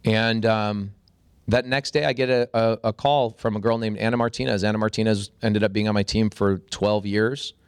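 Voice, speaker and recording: A man in his forties, a podcast guest, telling a story with animated energy and a voice that jumps up when excited. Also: lowish voice, moderate pace, smooth, no room sound, studio quality.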